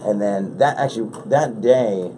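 A man's voice: lowish voice, unhurried, noisy background. A man hosting a podcast in casual chat, telling rambling stories full of restarts, recorded in a radio studio room. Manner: rambling, animated storytelling with many restarts. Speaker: podcast host.

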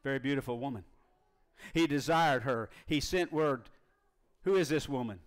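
A man preaching a sermon as pastor, drawing out scripture verses slowly for emphasis. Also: mid-range voice.

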